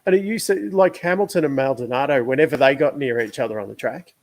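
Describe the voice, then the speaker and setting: A man's voice: mid-range voice, fast. A man co-hosting a casual motorsport podcast, chiming in with short, wry asides. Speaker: podcast co-host. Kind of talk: casual chat.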